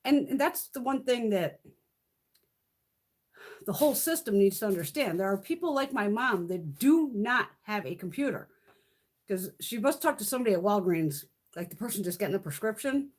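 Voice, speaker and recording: A woman's voice: mid-range voice, lively intonation, moderate pace. A woman in her fifties chatting casually on a live stream, rambling, swearing freely and laughing often. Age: 50s. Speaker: beauty vlogger hosting a live stream.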